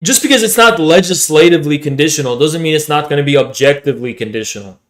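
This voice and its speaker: A man's voice: on the high side, quick pace, a bit bright. A man streaming, reacting to clips with blunt, sarcastic, sweary commentary.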